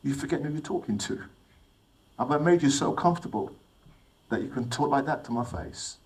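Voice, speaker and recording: A man's voice: mid-range voice, expressive, brisk, poor audio. A middle-aged man from England giving a motivational talk to young people, telling personal stories and asking his listeners questions. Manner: storytelling, asks the audience questions. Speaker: speaker addressing young people.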